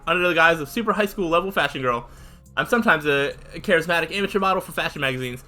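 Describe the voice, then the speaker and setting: A man's voice: a little high, expressive, very fast, pushed and bright. A man voicing a brash, cruel, playful teenage girl while reading a visual novel aloud, in a teasing, rambling way. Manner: teasing, rambling, mock-cheerful.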